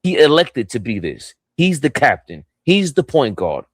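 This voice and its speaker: Male sports stream host, mid-pitched voice, dry sound, heated and profane. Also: very animated, measured pace, breathy edge, no room sound. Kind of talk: fired-up sports talk stream.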